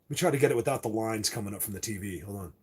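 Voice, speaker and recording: A man hosting a live video, talking excitedly and rambling straight to his viewers. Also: lowish voice, very fast, breathy edge. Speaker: livestream host.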